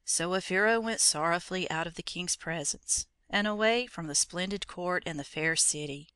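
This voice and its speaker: A narrator reading an old legend in a steady, measured storybook manner. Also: mid-range voice, clear, resonant tone, no echo.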